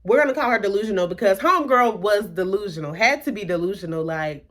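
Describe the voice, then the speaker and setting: A woman's voice: medium pitch, fast talker, a bit bright. A young woman from the American South telling a dramatic personal story in a casual vlog, full of rhetorical questions and quoted dialogue. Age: young adult. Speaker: vlogger.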